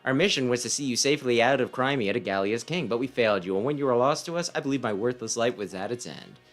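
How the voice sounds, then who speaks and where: A man's voice: mid-range voice, animated, fast talker, soft background music, natural voice. A man voicing a pompous, overly dramatic male knight with theatrical declarations, reading a game aloud. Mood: grand.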